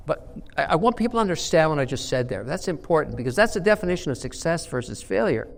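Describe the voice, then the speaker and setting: A man's voice: on the high side, very animated, quick pace, vocal fry, in a large hall. A man in his sixties telling blunt, emphatic anecdotes as an investor guest in an interview. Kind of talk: storytelling interview answer.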